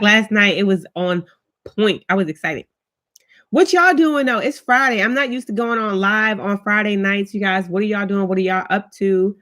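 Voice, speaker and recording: A woman's voice: mid-range voice, a bit bright. Chatty woman vlogger talking to live viewers. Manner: chatty storytelling, greets commenters by name. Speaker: vlogger doing a live stream. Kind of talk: casual chat to live viewers. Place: at home, indoors.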